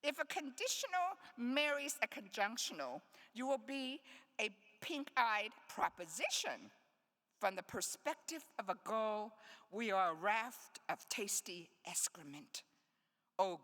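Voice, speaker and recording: A woman's voice: medium pitch, fairly bright tone. A woman poet giving a live reading in a conference hall, with playful, wry asides between poems. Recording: long hall reverb.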